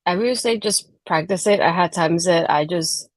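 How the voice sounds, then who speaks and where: A woman with a Puerto Rican accent giving steady, earnest advice as a guest on a video call interview. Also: on the low side, moderate pace, no echo. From Puerto Rico. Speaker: guest, wrestling blogger. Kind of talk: casual interview answer.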